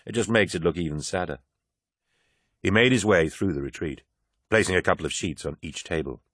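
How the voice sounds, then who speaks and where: A man reads a novel aloud in a very low voice, measured and even. The recording is dry and close, with no room sound behind it. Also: dry recording. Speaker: audiobook narrator. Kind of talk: scripted audiobook narration.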